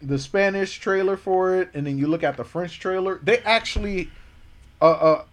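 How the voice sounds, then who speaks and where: A man with a fairly high voice co-hosts a podcast in casual chat. He jokes, swears freely and goofs around with his partner. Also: normal speed. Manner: joking, profane, goofing around. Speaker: podcast co-host.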